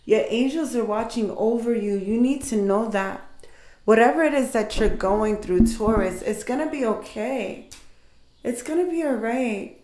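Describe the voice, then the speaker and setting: A woman, likely middle-aged, giving an intuitive tarot reading and speaking warmly and directly to her listeners as if comforting them. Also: fairly high pitch, measured pace, a little hiss or hum. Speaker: tarot reader. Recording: echoey room.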